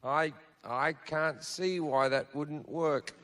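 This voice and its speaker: A man's voice: a little high, fairly even intonation, slow pace, background noise. A man telling a stand-up comedy story to a laughing audience in a brash, profane, self-mocking way.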